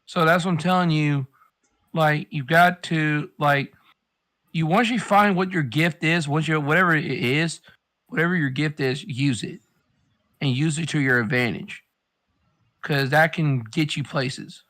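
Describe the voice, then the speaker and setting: A man's voice: fairly high pitch, measured pace, fairly bright tone. A man in casual chat, rambling and swearing as he hands out life advice. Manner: rambling, profane, advice-giving.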